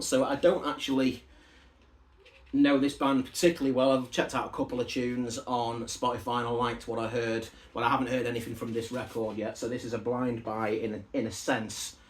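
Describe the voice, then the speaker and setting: A man chatting casually to camera as he unboxes records, rambling into side stories and asides. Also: mid-range voice. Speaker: record collector showing a parcel of vinyl albums.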